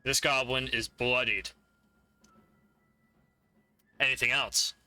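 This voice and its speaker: Bright-voiced man running a tabletop game. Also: mid-range voice, fairly even intonation, takes it slowly. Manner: laughing often, vivid descriptions. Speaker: game master.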